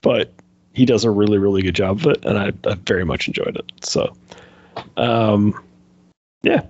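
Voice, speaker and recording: A man's voice: lowish voice, moderate pace, darkish tone, muffled recording, slight background noise. A man chatting casually on a podcast, rambling with lots of fillers and laughing as he goes. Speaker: podcast co-host. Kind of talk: casual chat.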